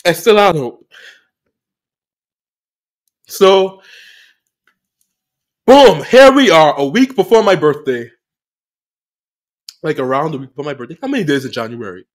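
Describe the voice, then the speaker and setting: A man hosting a podcast, telling a personal story of loss in an emotional, halting way, often repeating phrases, with earnest faith. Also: on the high side, expressive. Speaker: podcast host.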